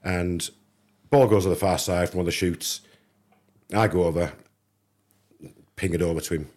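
Man from England, deep voice, husky, casual storytelling, acts out lines. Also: normal speed. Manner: animated anecdote teller, acts out dialogue. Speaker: podcast guest.

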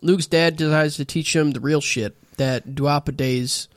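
A man casually recapping a show episode with friends, with a relaxed, laid-back delivery full of "yep" and "uh". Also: on the high side, unhurried, dry recording, clean studio sound. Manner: relaxed, summarizing with frequent "yep" and "uh". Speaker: podcast host recapping an episode. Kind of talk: casual chat.

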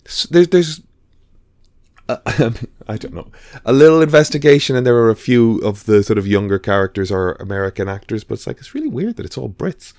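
A man's voice: lowish voice, darkish tone, no echo, clean studio sound. A man hosting a podcast in casual chat, rambling and hesitant with lots of fillers. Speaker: podcast host.

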